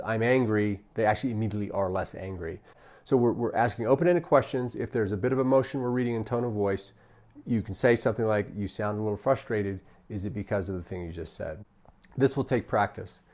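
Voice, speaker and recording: A man giving a customer service training talk, often checking in with "right?" and acting out what customers and staff say. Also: lowish voice. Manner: coaching, repeats "right?" often, acts out customer quotes. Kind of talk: training lecture.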